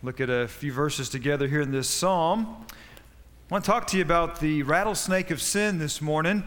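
A man's voice: fairly high pitch, normal speed, fairly bright tone, long reverb tail. A man preaching a sermon in a folksy, storytelling way, often stopping to restart his sentences. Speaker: pastor.

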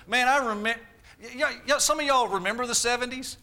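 A man's voice: very high voice, a little slow, pushed and bright. A man, preaching a sermon with emphatic repetition and rhetorical questions. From Arkansas, US.

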